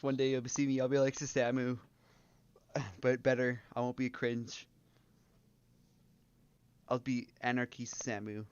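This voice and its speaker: A man's voice: medium pitch, flat delivery, measured pace, long pauses, clear, resonant tone, dry recording, highs cut off. A young man from Canada chatting casually on a game livestream, joking and swearing with frequent laughs. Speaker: streamer.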